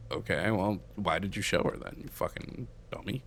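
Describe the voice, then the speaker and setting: A man's voice: low voice, moderate pace, fairly bright tone. A young man streaming a video game live, making sarcastic, profane jokes as he plays.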